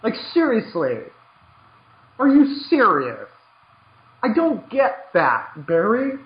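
High-voiced, emphatic man in a roomy space. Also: takes it slowly, lo-fi sound. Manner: emphatic, repeats words when excited, acts out dialogue. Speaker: poker coach and podcast host. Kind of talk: animated podcast chat.

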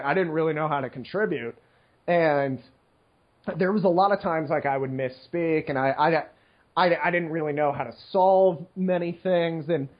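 A young man talks loosely on a podcast, a slightly higher voice full of fillers and restarts. He pokes fun at himself and laughs often as he rambles along. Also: muffled recording. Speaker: podcast co-host, professional poker player. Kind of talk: casual chat.

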